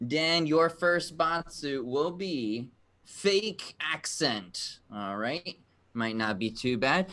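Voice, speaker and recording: Bright-voiced upbeat game show host man. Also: mid-range voice. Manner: upbeat, encouraging, explains rules. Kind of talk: live virtual game show hosting. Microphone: video call.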